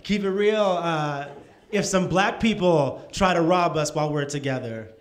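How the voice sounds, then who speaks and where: A man doing a stand-up set in a comedy club, with a dry, measured self-deprecating delivery. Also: fairly high pitch.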